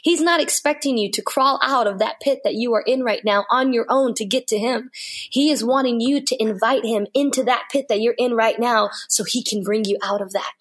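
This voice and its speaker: A woman's voice: on the high side, moderate pace. A woman guest on a faith interview, telling her personal story in an earnest, heartfelt way and repeating phrases for emphasis.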